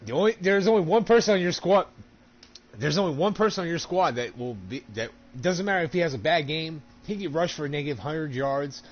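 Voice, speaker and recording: A man chatting casually while gaming, animated and profane, laughing often. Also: fairly high pitch, a little fast, lo-fi sound.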